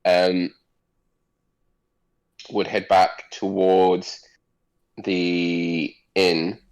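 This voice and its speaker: A man's voice: low-pitched, monotone, drawn-out words, a little mellow, smooth, low-quality recording. A man playing a tabletop game, narrating his character's actions in a rambling way. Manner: rambling, with many fillers. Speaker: player. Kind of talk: tabletop role-play narration.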